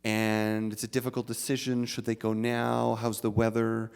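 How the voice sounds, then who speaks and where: A man giving a sermon at a spiritual center, measured and reflective, telling a folk tale. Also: lowish voice, monotone, vocal fry, clean tone. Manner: slow, measured, reflective delivery. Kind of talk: sermon with storytelling. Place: large hall of a spiritual center. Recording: live talk with long hall reverb.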